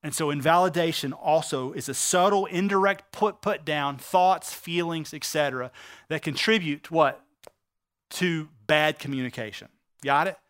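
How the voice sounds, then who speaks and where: Male pastor, high bright voice, crisp and clear, earnest sermon delivery with emphatic slow phrases.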